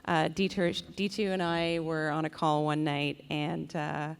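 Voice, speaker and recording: A woman's voice: low voice, flat delivery, measured pace, creaky, clean tone. A woman on a convention panel telling a story in a playful, joking way. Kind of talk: panel discussion.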